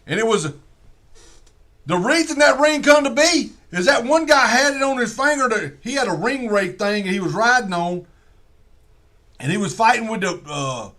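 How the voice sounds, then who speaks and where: A man with a drawl spins a comic yarn in a high, bright voice. He rambles from one tangent to the next in a folksy, profane way. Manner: folksy, profane, digressive storytelling. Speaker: comedian.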